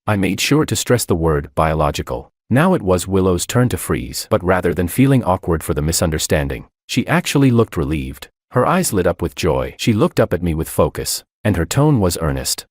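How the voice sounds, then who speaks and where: Deep-voiced male story narrator. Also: big pitch swings, fairly quick, few pauses, no echo, studio quality. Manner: dramatic first-person storytelling. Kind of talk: scripted narration.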